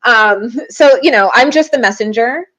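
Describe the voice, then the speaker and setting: A woman's voice: a little high, moderate pace, no room sound. A woman guest telling stories in an interview, acting out the voices of people she quotes. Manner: lively, acts out quoted voices. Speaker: guest, shaman and tarot reader. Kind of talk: interview storytelling. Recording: dull lo-fi audio.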